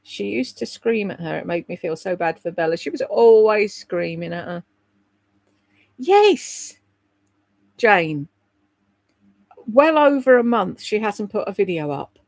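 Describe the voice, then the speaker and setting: A woman's voice: medium pitch, animated, a little slow, vocal fry, pauses often, darkish tone, dry recording. A woman hosting a livestream, gossiping bluntly, swearing freely and answering viewers' comments by name. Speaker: livestream host. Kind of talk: casual gossip chat reading viewer comments.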